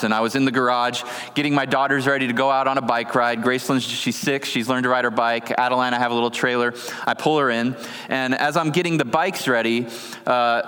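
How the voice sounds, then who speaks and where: A man in his thirties, a pastor preaching a sermon in an earnest, measured way with slow deliberate phrasing. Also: mid-range voice, a bit bright. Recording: long reverb of a large hall.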